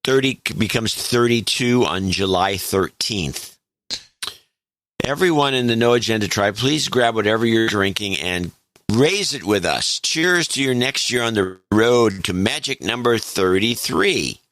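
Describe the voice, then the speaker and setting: A man's voice: on the low side, lively intonation, unhurried, fairly bright tone. A man co-hosting a podcast, reading listener notes aloud with dry asides. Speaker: podcast co-host.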